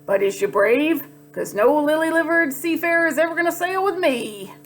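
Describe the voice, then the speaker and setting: A woman's voice: high voice, expressive, normal speed, soft background music, voice pushed up. A woman doing a cranky, bellowing pirate captain. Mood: gruff. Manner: rhyming, bellowing pirate talk.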